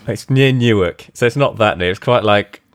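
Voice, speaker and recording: A man co-hosts a podcast in easy, casual chat. He talks in a self-deprecating way and breaks into laughter often. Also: fairly low pitch. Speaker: podcast co-host.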